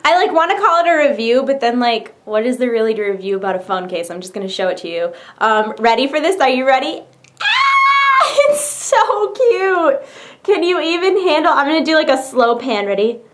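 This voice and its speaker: Bubbly young woman vlogger, slightly high voice, gushing casual show-and-tell. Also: quick pace, hardly any pauses. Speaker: YouTuber.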